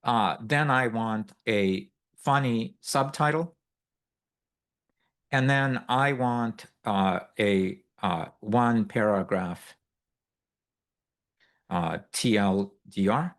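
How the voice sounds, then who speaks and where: A man teaching a live workshop, walking through a software demo in a loose, explanatory way with many fillers and asides. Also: on the low side, drawn-out words, pauses often. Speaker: workshop instructor. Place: workshop room with a live audience.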